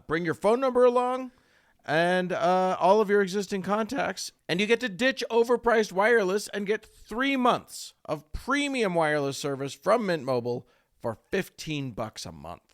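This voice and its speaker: Lively male podcast co-host reading ads. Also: sits high, normal speed, dry recording, clean studio sound. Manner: animated, loose ad read with fillers and laughs. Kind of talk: casual ad read.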